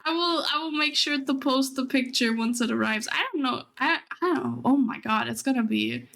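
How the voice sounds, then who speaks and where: A woman's voice: high voice, moderate pace, creaky, a bit bright. A young adult woman streaming, chatting casually and rambling, often laughing as she talks. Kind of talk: casual chat.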